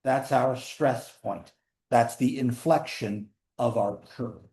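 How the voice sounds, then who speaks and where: A man in his fifties giving a classroom calculus lecture, lively and conversational with playful asides to students. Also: mid-range voice, slow pace. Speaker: math lecturer.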